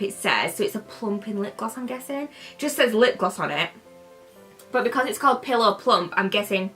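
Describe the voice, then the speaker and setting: Chatty bright-voiced British woman vlogger. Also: a little high. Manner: chatty, playfully shifts her accent. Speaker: beauty vlogger. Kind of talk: casual unboxing chat.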